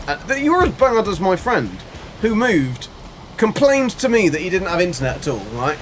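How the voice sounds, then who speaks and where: A man's voice: sits high, very animated, moderate pace, a little hiss or hum. A man chatting casually while livestreaming a game, rambling and answering his chat as he plays. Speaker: game streamer. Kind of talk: casual live gameplay chat.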